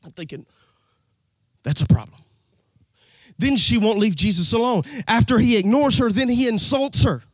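A man preaching a sermon in a rousing, sing-song cadence that swells into shouts. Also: sits high, lively intonation, normal speed, long pauses, no room sound.

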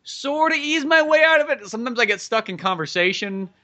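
A young man co-hosting a podcast, telling a story in casual chat and acting out the people in it with raised voices. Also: fairly quick. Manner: animated, acts out people in his stories with high voices. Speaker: podcast co-host.

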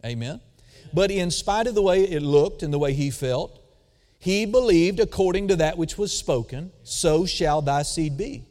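A male preacher delivers a sermon in a fairly high voice that swings from booming, drawn-out emphasis down to soft, intimate asides. He keeps calling out to the congregation for an amen or a hallelujah. His voice carries a long reverb from a large church hall. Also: lively intonation. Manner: calls for audience response.

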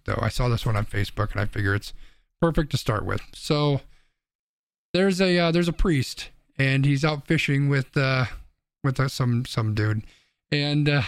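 A man's voice: mid-range voice, dry recording, clean studio sound. A man co-hosting a casual podcast, telling a joke in a rambling way with restarts. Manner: rambling, restarts, laughs at own jokes. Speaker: podcast co-host.

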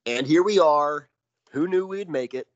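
A man's voice: on the high side, measured pace, highs cut off, a little hiss or hum. A man co-hosting a podcast, joking and laughing often in casual chat. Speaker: podcast co-host.

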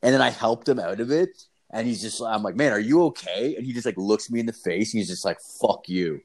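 A man's voice: lowish voice, quick pace. A young man in his twenties on a podcast, telling a rambling, profanity-heavy story with lots of filler words. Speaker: podcast co-host. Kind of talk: casual storytelling chat.

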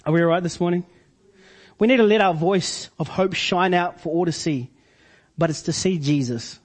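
A man delivers a sermon. His voice sits high for a man and has a husky, breathy edge. He leans on slow, deliberate repetition to drive his points home. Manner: preaching with slow emphatic repetitions. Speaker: pastor.

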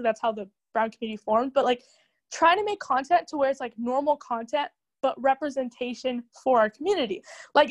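Young woman guest, high voice, rapid animated casual talk, heavy "like" fillers. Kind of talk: casual chat.

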